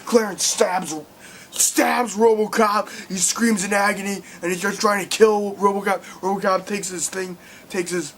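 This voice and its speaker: A young man giving a casual film review, excitable and swearing, acting out scenes loudly. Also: high-pitched, a little slow, a little hiss or hum.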